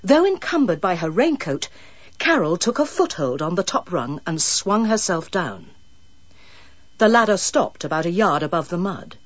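A woman reading an audiobook in measured, dramatic storytelling. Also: fairly low pitch, very animated, dry recording, muffled recording. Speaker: audiobook narrator. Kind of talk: scripted narration.

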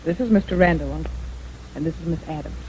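A woman's voice: sits low, fast, close to an everyday voice. An actress playing a cold, curt young woman who answers the door in an old radio drama. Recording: old radio recording with background noise.

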